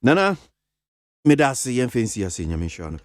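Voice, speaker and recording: A man's voice: medium pitch, sing-song, normal speed, dry recording. Dry-voiced Ghanaian male radio host. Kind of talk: radio interview.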